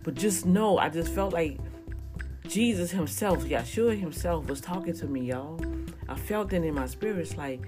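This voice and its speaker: A woman giving a casual spiritual testimony, talking straight to her viewers in an animated, preachy way. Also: deep voice, moderate pace. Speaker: vlogger sharing a testimony. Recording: music playing behind the voice.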